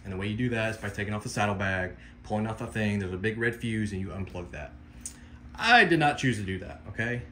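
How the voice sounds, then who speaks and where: A man's voice: lowish voice, fast, a bit bright, a little hiss or hum. A man talking viewers through a motorcycle parts install in a loose, rambling, self-deprecating way, as a casual how-to vlogger in a garage.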